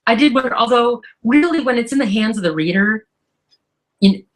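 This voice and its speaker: A woman's voice: fairly high pitch, animated, brisk. A woman author answering interview questions in a thoughtful, enthusiastic way. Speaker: author guest.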